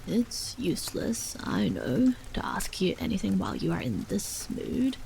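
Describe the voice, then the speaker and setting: A woman's voice: mid-range voice, huge pitch swings, measured pace, gravelly, warm tone, slight background noise, exaggerated voice, poor audio. Woman whispering as a weary, bitter husband, whispered role-play. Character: weary disfigured middle-aged husband, dull and bitter.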